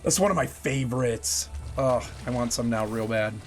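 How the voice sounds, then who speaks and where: Speaking at a moderate pace in a medium pitch, a man plays a game on stream using a headset mic. He keeps up jokey, casual chatter with his viewers as game music plays.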